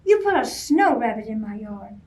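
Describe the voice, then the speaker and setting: A woman's voice: a little high, sing-song, moderate pace. A woman voicing a grumpy male bear who bellows and growls, reading a storybook aloud. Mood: bellowing. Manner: loud, gruff, bellowing. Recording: voice from a distance off mic.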